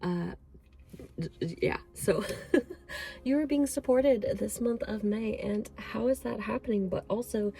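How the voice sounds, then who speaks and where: Gravelly-voiced woman giving a tarot reading. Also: medium pitch, measured pace, dark tone. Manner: emotional, effusive, rambling with fillers. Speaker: tarot reader. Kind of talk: pick-a-card tarot reading.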